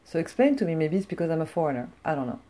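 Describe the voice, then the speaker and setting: Middle-aged woman from france ranting a story, blunt and swearing a lot, low mellow voice. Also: very fast. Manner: blunt, profane, animated. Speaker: vlogger. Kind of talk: casual storytelling rant.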